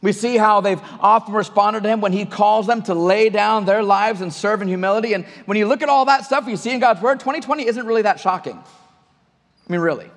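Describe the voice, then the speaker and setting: A man's voice: high-pitched, fairly quick, fairly bright tone. A male pastor preaching a conversational sermon to his church, often restarting and repeating words. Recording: long hall reverb.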